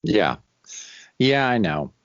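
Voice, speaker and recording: A man's voice: fairly low pitch, very animated, slow, fairly bright tone, dry recording, lo-fi sound. A man co-hosting a casual comic book podcast, rambling and acting out lines of dialogue. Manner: rambling, acts out dialogue in silly voices. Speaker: podcast co-host.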